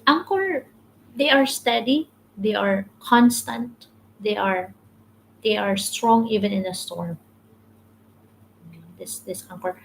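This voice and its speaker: Slow, halting woman leading a devotional. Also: medium pitch, vocal fry, slight background noise, rough recording. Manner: halting, repeats words, reads viewer comments. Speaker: devotional livestream host. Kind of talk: casual devotional teaching.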